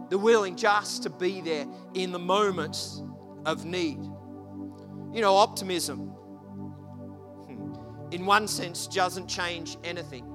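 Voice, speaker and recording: A man preaching a sermon, telling a story with lively, animated delivery and shouting at the peaks. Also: sits high. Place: church hall. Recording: long hall reverb, faint music behind.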